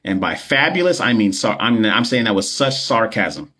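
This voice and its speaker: Chill guy w a lowish voice, nurse on a phone live, slangy and joking, lots of likes and ums. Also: sing-song, moderate pace, bright, forceful tone, slightly rough. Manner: loose, slangy and joking, with many fillers and repeats. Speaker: nurse and NCLEX coach hosting a livestream. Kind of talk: casual livestream chat with viewers. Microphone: phone livestream.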